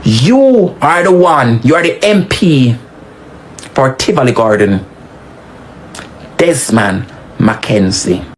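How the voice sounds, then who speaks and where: A woman's voice: sing-song, takes it slowly, pauses often, slight background noise. Scolding Jamaican woman in patois. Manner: scolding, emphatic, swings pitch widely. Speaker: social media commentator. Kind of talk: animated patois commentary.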